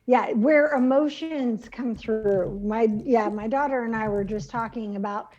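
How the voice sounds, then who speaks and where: A woman's voice: on the high side, unhurried, darkish tone, highs cut off. A middle-aged woman co-hosting a casual chat show, talking chattily with frequent laughs and restarts. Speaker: podcast co-host.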